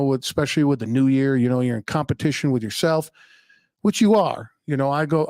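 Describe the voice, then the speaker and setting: A man's voice: mid-range voice, a little mellow, dry recording, clean studio sound. A man in his thirties hosting a solo podcast, telling stories in a blunt, profane, offhand way. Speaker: podcast host. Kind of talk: unscripted solo podcast monologue.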